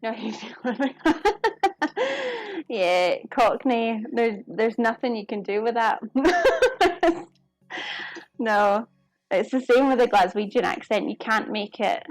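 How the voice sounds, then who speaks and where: Chatty woman, slightly high voice. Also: animated, a little slow, dry recording, faint music behind. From United Kingdom. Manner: chatty, giggly, talks to viewers while working. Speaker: cooking streamer. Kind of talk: casual live-stream chat while cooking. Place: home kitchen.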